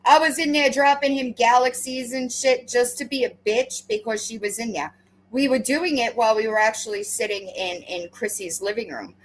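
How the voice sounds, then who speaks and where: Sarcastic woman with a higher voice, confronting. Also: fairly even intonation, normal speed, poor audio. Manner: confrontational, sarcastic, stammering restarts. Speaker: commentator. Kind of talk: reaction commentary.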